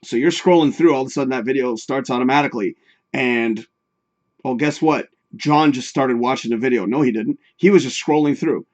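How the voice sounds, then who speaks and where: A man's voice: mid-range voice, a little fast, darkish tone, highs cut off. A man hosting a livestream show, chatting casually, swearing freely and reading viewer comments aloud with jokey advice. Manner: profane, chatty, laughs often, reads viewer comments aloud.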